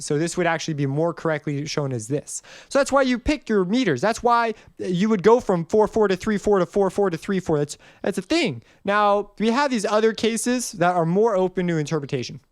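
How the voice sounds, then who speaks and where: A man's voice: high voice, no room sound, studio quality. Chatty man teaching music theory. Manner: chatty, rambling, self-correcting. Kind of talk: casual screen-recorded lesson.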